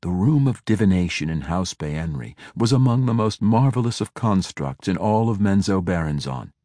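A man narrates a fantasy audiobook in a very deep voice. His delivery is measured and even, taking each sentence at a steady storytelling pace. The recording is dry and close, with no room sound. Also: no echo.

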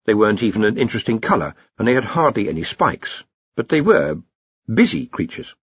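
A man narrating a fantasy audiobook in an expressive storytelling manner. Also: on the low side, a little fast, slightly rough, no echo. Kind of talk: scripted narration. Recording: dry, slightly muffled recording.

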